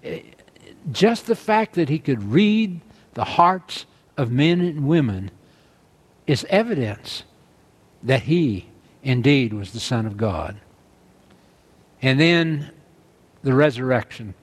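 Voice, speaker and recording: A man's voice: medium pitch, animated, takes it slowly, pauses often, husky. A man preaching a sermon, earnestly reading scripture aloud and driving his points home with emphasis.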